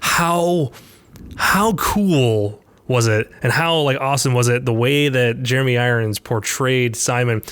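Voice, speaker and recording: Male podcast co-host, mid-pitch, rambling casual film chat. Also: a little slow, a bit bright, clean tone. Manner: rambling, many restarts and filler words.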